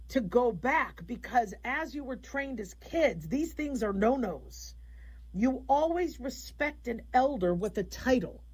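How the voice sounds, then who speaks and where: Husky-voiced talk radio hostess. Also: female voice, on the high side, low-quality recording. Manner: rambling, conversational, frank. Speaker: radio call-in show host.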